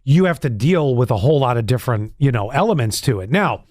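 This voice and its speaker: Middle-aged male podcast co-host, rambling and candid, animated pitch, dry close mic. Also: fast talker, no echo. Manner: candid, rambling storyteller with restarts and sudden pitch jumps. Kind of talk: casual chat.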